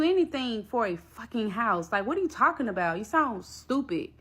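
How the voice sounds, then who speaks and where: A woman's voice: on the high side, normal speed, few pauses, slightly rough. A woman casually retelling a personal ordeal in a storytime vlog, blunt and profane, acting out the other people in it. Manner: blunt, profane, animated retelling with quoted voices.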